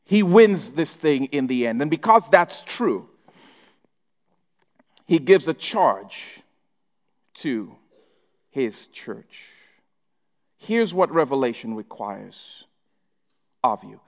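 A man's voice: mid-range voice, very animated, takes it slowly, pauses often, long reverb tail. A man preaching a sermon to his church, often speaking in the first person as Jesus. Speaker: pastor.

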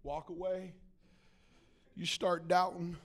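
A man preaching a sermon to a church congregation, swinging between loud acted-out quotes and quiet, low asides. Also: little pitch movement, slow pace. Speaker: pastor.

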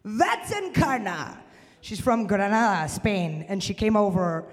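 Woman, stand-up comic, mid-pitch, animated delivery with shouted punchlines, live venue with long reverb. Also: measured pace. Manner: animated, swings into loud shouted bits. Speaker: stand-up comedian. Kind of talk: stand-up comedy set. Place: live comedy venue with audience.

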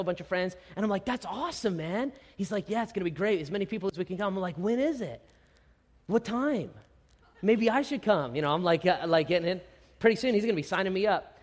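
A man's voice: on the high side, long reverb tail. A middle-aged man pastor delivering a sermon with self-deprecating humor and acted-out asides.

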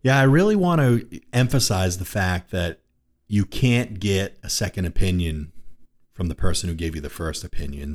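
A man hosting a money radio show as a financial advisor, who calls his own voice monotone and laughs easily. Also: sits low.

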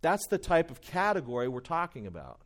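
A man preaching a sermon, emphatic, repeating his key questions and swinging between loud stresses and quiet asides. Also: fairly high pitch, big pitch swings, a little fast.

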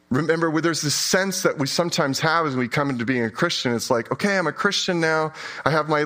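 A man preaching a sermon as a pastor, conversational and self-deprecating, swinging between quiet asides and emphatic peaks. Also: medium pitch.

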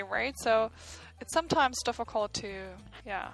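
Bright-voiced German woman chatting. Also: fairly high pitch, normal speed, creaky, hardly any pauses, faint music behind, poor audio. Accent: slight German. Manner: laughs often, chatty. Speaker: podcast guest, dance teacher. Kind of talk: casual chat.

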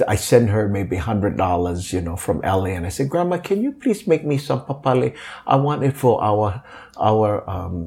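An older man from Hawaii with a Hawaiian Pidgin-inflected accent, telling stories in an interview with many fillers and acted-out quotes. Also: lowish voice. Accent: Hawaiian Pidgin-inflected English. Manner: animated, acts out quoted voices, many fillers. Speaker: guest, kapa maker. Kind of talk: storytelling interview.

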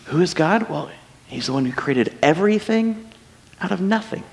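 A man's voice: high-pitched, lively intonation, moderate pace, vocal fry, a little mellow. A man pastor giving a casual sermon, conversational and joking, with many rhetorical questions. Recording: long hall reverb.

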